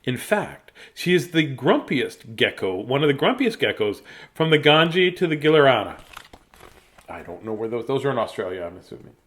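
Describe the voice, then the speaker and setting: A man's voice: medium pitch, sing-song, normal speed, a bit bright. A man hosting a casual read-aloud of picture books for children, playful and jokey, with silly asides.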